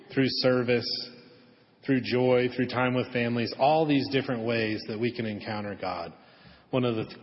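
A man preaching a sermon in a church sanctuary, telling a story gently and dropping to a soft hush on the key lines. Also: mid-range voice. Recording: echoey hall, dull lo-fi audio.

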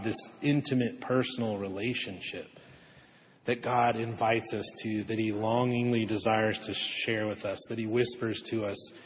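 A man preaching a sermon in a church sanctuary, telling a story gently and dropping to a soft hush on the key lines. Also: medium pitch, slight background noise. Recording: echoey hall, dull lo-fi audio.

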